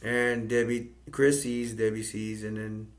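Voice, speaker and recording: Monotone man retelling a movie plot. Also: lowish voice, a little slow. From United States. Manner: flat, rambling retelling. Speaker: movie reviewer. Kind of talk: casual plot recap.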